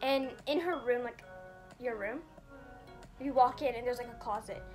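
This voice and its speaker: High-voiced young woman rambling a story. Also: moderate pace, darkish tone, soft background music. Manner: rambling, many "like" fillers, acts out quotes. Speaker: vlogger. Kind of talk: casual storytime chat.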